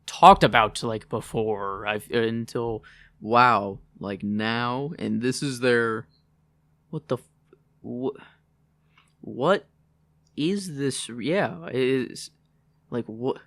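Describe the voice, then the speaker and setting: A man co-hosting a podcast in casual chat, talking haltingly and trailing off. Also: medium pitch, a bit bright, no room sound. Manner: halting, trails off, many fillers and backchannels. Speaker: podcast co-host.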